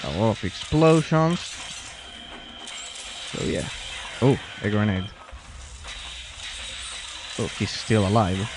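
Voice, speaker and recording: Slow, low-voiced man commenting on gameplay. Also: expressive, background noise. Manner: rambling, frequent restarts and muttered asides while playing. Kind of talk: casual let's-play commentary.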